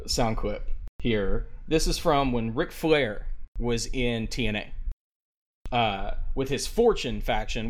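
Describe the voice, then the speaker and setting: Man, podcast host, chatty, enthusiastic, casual. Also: mid-range voice. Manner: enthusiastic, chatty, many fillers. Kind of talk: casual chat.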